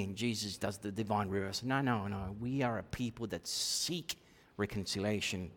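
A man preaching a sermon in a church, swinging between loud emphatic bursts and quiet asides. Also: on the low side, normal speed, few pauses. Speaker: pastor. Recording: long reverb of a church hall.

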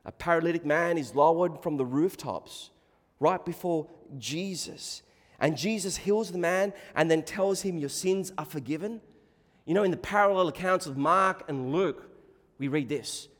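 A man preaching a sermon, swinging from hushed, slow passages to loud, emphatic ones. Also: on the high side. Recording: long hall reverb.

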